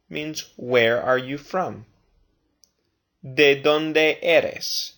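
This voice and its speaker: A man teaching a recorded language lesson, speaking slowly and deliberately and repeating each phrase twice. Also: a little high, a bit bright. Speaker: Spanish teacher.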